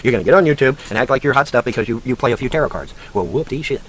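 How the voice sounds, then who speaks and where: An online commentator rants angrily and profanely at a racing pace, mocking and lecturing like a sarcastic teacher while shouting insults at a woman he names. His voice is medium-pitched, with a little hiss or hum in the recording.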